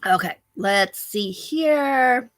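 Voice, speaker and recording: A woman's voice: mid-range voice, animated, extremely slow, fairly bright tone, slight background noise. A woman hosting a casual livestream, telling a chatty story and reading viewer comments aloud. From American. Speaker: livestream host. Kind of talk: casual live-stream chat.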